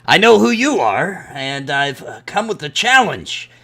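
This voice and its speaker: A man voicing a loud, boastful male dwarf who runs a deadly sport. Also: fairly high pitch, sing-song, a little slow, vocal fry, pitched above the performer's own voice, full character voice. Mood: boisterous.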